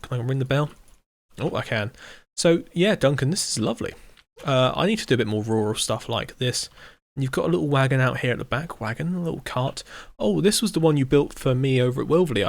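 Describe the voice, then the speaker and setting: Chatty man with a gravelly edge. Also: mid-range voice. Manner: chatty, self-deprecating, easily delighted. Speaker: server host giving a build tour. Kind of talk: casual gameplay commentary.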